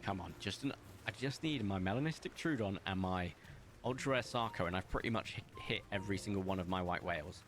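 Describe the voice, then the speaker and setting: A young man with a low, expressive voice speaks a little fast while streaming a game from home, the window open. He chats with his viewers and jokes at his own expense as he plays.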